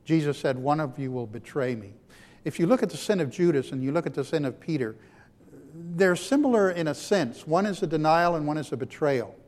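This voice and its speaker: A man preaching a sermon as a pastor, shifting between loud emphatic lines and hushed, quiet ones. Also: a little high, lively intonation, a little fast. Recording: long hall reverb.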